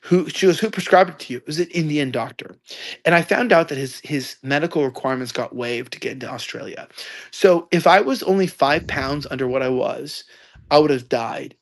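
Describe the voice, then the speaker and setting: A young man in his twenties telling a story loudly, ranting and acting out quoted lines. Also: on the high side, brisk. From United States. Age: 20s. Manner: loud, ranting, acts out quotes. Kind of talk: animated storytelling.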